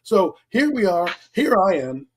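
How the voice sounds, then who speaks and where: A man co-hosting a casual sports talk show, telling profane, animated stories. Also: sits high, a little slow, a little hiss or hum. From Philadelphia area, US. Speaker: podcast co-host.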